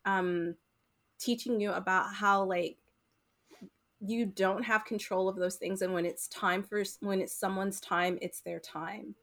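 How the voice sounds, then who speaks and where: A woman's voice: mid-range voice, fairly even intonation, measured pace, a bit bright. Chatty woman, rambling with fillers. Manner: rambling, heavy use of "like" and "um". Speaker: podcast co-host. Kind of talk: casual chat.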